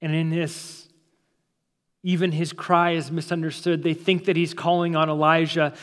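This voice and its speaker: A man, a pastor, preaching a sermon with dramatic pauses, slowing down and dropping soft for emphasis, in a church sanctuary. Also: on the high side, level tone, big-room sound. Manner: dramatic preaching, slows and drops to near-silence for emphasis.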